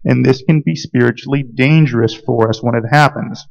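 A pastor from Georgia preaching a sermon, telling stories earnestly with frequent fillers and restarts. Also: male voice, medium pitch, moderate pace, creaky, a little mellow, highs cut off.

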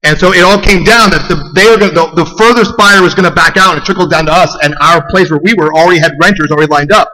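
Young guy preaching, bright forceful voice, goes quiet then loud, big echoey church hall. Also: fast talker, hardly any pauses. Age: young adult. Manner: animated, swings from hushed to loud and high. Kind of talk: sermon. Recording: long hall reverb.

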